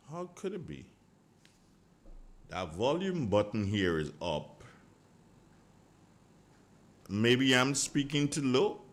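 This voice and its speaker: A man hosting a live morning radio show from a studio, chatting casually and rambling as he reads out listener greetings. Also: on the low side.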